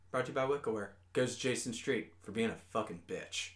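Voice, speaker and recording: A male podcast co-host in his thirties, chatting casually with a friend. His voice sits in an ordinary middle pitch. He jokes and swears freely, with sudden animated bursts. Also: fairly quick.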